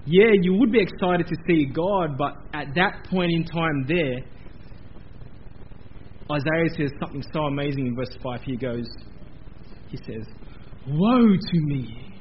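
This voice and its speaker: High-voiced animated preacher man. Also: normal speed, highs cut off, slight background noise. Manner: animated, repeating phrases for emphasis. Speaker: pastor. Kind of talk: sermon. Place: church building.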